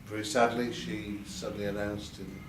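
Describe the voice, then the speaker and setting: Speaking at normal speed in a level voice on the low side, an older man looks back on his past in a candid interview at an event venue. He hesitates, repeats words, and lifts his voice to quote others. The background is noisy, and the distant mic gives a roomy sound with faint ambience.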